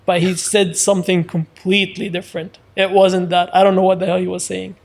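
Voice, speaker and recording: Podcast co-host, man, fairly high voice, animated storyteller. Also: a little fast, creaky. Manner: animated storyteller, filler-heavy. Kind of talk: casual chat.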